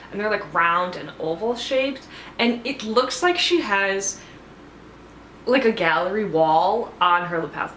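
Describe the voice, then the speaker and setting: A woman chats through a TV recap in a loose, gossipy way, dropping "like" every few words at a mid-range pitch. Her voice bounces around a noticeably echoey room, with a faint hum of ambience underneath. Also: a bit bright. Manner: gossipy, filler-heavy, many "like"s. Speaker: TV show reviewer. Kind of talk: casual chatty recap.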